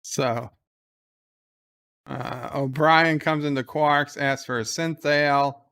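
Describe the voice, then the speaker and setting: A man's voice: fairly high pitch, steady tone, slow pace, a bit bright, smooth. A man giving casual live commentary on an episode, retelling scenes by quoting lines.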